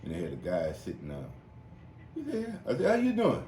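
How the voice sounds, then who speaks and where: Guy on a podcast ranting and telling stories, lively voice jumping all over, cursing a lot, echoey room w/ faint hiss. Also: a little fast. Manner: animated, profane storytelling with high-pitched impressions. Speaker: podcast host. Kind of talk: casual storytelling chat. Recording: roomy echo, faint noise.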